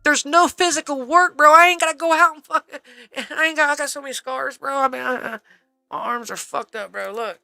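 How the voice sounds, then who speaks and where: A man's voice: extremely high pitch, fairly quick, vocal fry, bright, forceful tone, no room sound, clean studio sound, soft background music. A man rambling through a casual, profane story on a live stream, saying "bro" constantly.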